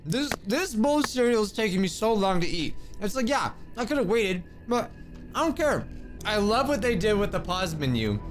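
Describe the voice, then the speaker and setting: A high-pitched man voicing his let's play commentary in a lively, swooping voice. He is excitable and jokey, throwing in exclamations as he plays. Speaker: gaming video creator.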